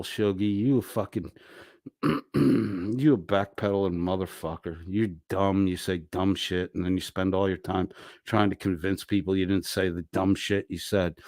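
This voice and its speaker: Low, a little slow, and slightly mellow, this man's voice comes through a dry close-mic recording with no room sound. As a livestream host, he goes through chat reading viewer comments aloud, casual and crude and laughing throughout.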